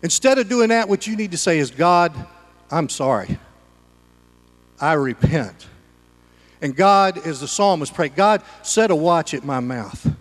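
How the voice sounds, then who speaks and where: A man's voice: high-pitched, expressive, normal speed, few pauses, in a large hall, soft background music. A man preaching a sermon as pastor, folksy and conversational, with homespun humor.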